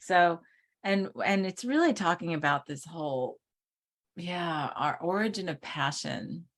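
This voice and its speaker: A woman co-hosting a casual spiritual talk over a video call, chatty, full of fillers, and quick to laugh. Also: lowish voice, lively intonation. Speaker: co-host.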